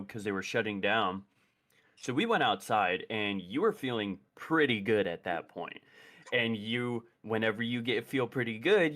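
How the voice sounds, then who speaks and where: A man's voice: medium pitch, a bit bright. Laid-back young man bantering. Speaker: podcast co-host. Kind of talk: casual chat.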